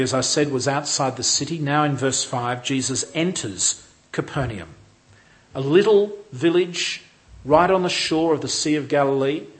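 A man giving a measured, explanatory lecture as a Bible teacher, with occasional restarts. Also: medium pitch. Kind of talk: lecture on a Gospel passage.

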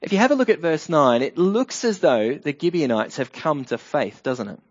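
A man's voice: fairly high pitch, expressive, normal speed, lo-fi sound. A man preaching a humorous, story-filled sermon that includes Bible readings.

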